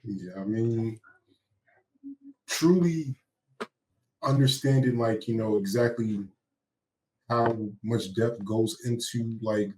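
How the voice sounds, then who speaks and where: A man's voice: mid-range voice, a little mellow, slight background noise. A man co-hosting a podcast in a casual discussion, searching for words with many fillers. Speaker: podcast co-host. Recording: voice a bit far from the mic.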